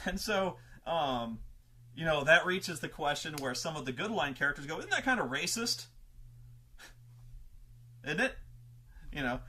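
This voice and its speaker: Animated man ranting about tabletop games. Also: on the high side, normal speed. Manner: animated, acts out players' quotes in raised voices, swears. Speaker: show host telling tabletop gaming stories. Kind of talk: casual monologue.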